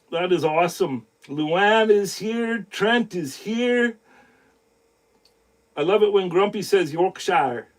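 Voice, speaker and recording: Man, high voice, live stream host: rambling, casual, swears freely. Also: a bit bright. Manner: rambling, with many restarts and profanity. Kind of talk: casual chat.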